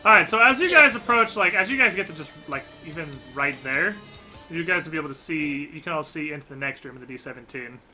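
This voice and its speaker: A man runs a tabletop role-playing session as game master, describing the scene in a loose, meandering way full of "like" and "uh". His voice sits a bit high and rings very bright and tense, with faint music underneath. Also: lively intonation, fast. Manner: descriptive, loose narration with many fillers.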